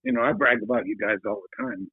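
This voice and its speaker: A man's voice: medium pitch, wildly swooping pitch, fast talker, creaky, breathy edge, no room sound. Man in his seventies, chuckling storyteller, tinny phone line, dry sound. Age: 70s. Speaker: guest, host's uncle. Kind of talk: casual chat.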